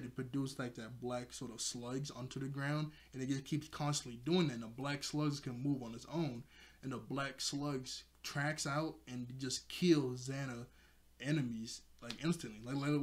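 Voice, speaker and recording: A man sits and talks through a cartoon episode in a loose, chatty way. His voice sits in an ordinary middle range. He laughs often and scatters fillers through his sentences. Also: mid-range voice. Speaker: show reviewer. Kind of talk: casual episode recap.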